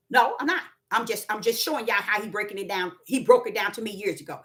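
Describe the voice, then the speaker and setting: A woman preaching a spontaneous sermon, repeating words for emphasis and swinging between loud and soft. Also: medium pitch, lively intonation, fast, hardly any pauses. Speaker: self-styled prophet and preacher.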